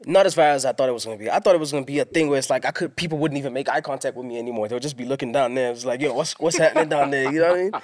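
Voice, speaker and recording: A man's voice: mid-range voice, racing, few pauses, dry recording, studio quality. A young man with a South African accent, talking casually as a guest in an interview and acting out the people he quotes. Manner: animated, acts out quoted people. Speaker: guest rapper.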